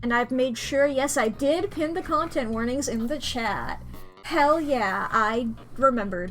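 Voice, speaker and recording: A woman's voice: sits high, a little slow, a bit bright, soft background music. Giggly, rambling woman streamer. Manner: rambling, giggly, self-correcting. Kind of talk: casual chat.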